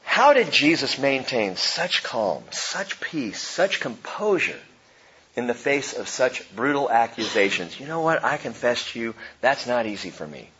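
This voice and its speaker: Animated, bright-voiced male preacher. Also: mid-range voice, measured pace. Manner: dramatic, swings from soft hush to emphatic; jokey asides amid preaching. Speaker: pastor. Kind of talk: sermon. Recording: slightly dull lo-fi recording with faint noise.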